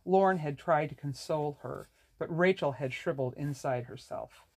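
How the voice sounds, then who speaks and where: An audiobook narrator reads a novel in a measured, even, scripted delivery, at medium pitch.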